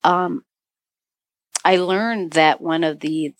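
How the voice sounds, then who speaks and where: A woman's voice: on the low side, takes it slowly, dry recording. A middle-aged woman from northern Michigan, a podcast guest telling a search-and-rescue story, acting out quoted dialogue with lots of "you know". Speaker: podcast guest, author and avalanche dog handler. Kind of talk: storytelling interview.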